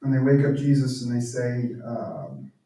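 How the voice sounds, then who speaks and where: A man's voice: mid-range voice, sing-song, normal speed, mellow. A man giving a reflective talk at a church as a guest speaker, earnest and at times dropping to near-whispers. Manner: earnest, drops to near-whispers on emotional points. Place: church hall. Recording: very echoey room, speaker far from mic.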